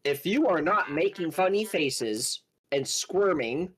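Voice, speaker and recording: Woman telling crude stories, lively pitch. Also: slow, breathy edge. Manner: animated, crude joking storyteller. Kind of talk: casual chat with friends.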